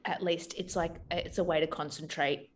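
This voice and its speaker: A woman's voice: low-pitched, steady tone, normal speed, slight background noise. A woman in casual chat, candid and laughing easily.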